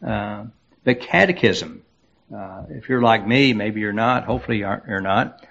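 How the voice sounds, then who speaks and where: A low-voiced man preaching a sermon, taking his time and often stumbling over words with fillers and restarts. The recording sounds slightly dull and muffled. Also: creaky, a bit bright. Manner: unhurried, halting with many fillers and restarts. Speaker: pastor.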